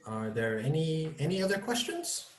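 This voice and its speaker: A man's voice: fairly high pitch, big pitch swings, moderate pace, echoey room, a little hiss or hum. A man, teaching on a video call and answering student questions with many ums. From North-West England. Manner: hesitant, many ums and kind-ofs. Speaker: English teacher.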